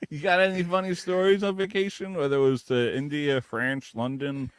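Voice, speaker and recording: A man hosting a casual podcast, upbeat and quick to laugh, who asks his guest follow-up questions. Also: on the high side, level tone, clear, resonant tone, no room sound. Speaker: podcast host.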